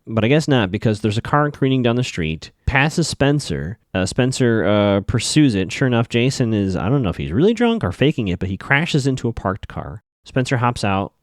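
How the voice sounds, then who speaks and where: A man hosting a podcast, casually recapping a TV episode scene by scene with lots of fillers and quick bits of acted-out dialogue. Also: medium pitch, no room sound, clean studio sound. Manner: chatty, loose, many fillers, acts out characters' lines in passing.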